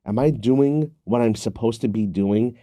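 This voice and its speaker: A male podcast host tells a story and asks questions in an earnest, conversational way. His voice is very dark and warm. The recording is dry and close, with no room sound. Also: medium pitch, measured pace, dry recording.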